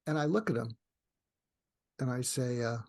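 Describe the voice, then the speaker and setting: A man's voice: lively intonation, moderate pace, a little mellow, dry recording, studio quality. An older man, a psychiatrist guest in a podcast interview, telling a story with many restarts and acting out the dialogue. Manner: rambling with frequent restarts, acts out dialogue with rising pitch.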